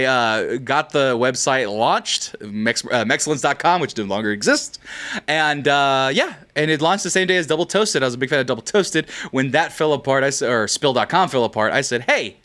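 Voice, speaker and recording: With a medium-pitched, slightly bright voice, a thirtysomething streamer from California chats casually on his livestream, joking around, rambling, and swearing playfully.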